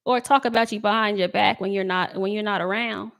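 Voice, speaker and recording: A woman's voice: mid-range voice, fairly even intonation, brisk, gravelly, fairly bright tone. Woman, casual livestream chat, heartfelt and emotional, reads comments aloud, mid-range voice. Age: adult with a child. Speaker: tarot reader livestream host.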